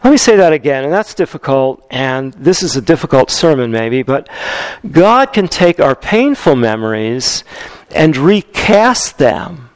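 Man pastor, sermon delivery, lively and slightly high, dry close sound. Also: a little slow, no room sound, poor audio. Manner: animated, conversational preaching with fillers and repetition.

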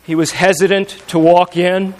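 High-voiced man preaching a sermon. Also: level tone, moderate pace. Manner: swings between loud emphatic passages and hushed intimate storytelling.

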